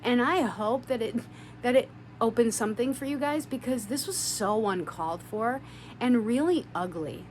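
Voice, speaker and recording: A woman vlogger recounts a confrontation in a heartfelt, earnest monologue, her voice sitting a little high. She leans on spiritual self-help phrasing and swears for emphasis. A faint hum sits under the recording. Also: animated, normal speed. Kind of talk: emotional storytime monologue.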